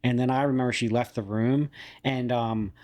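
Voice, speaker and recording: A young man talks casually as a podcast host, circling back and restarting his sentences as he goes. He laughs often and keeps a loose, conversational flow at an everyday middle pitch. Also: steady tone, moderate pace, darkish tone. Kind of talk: casual chat.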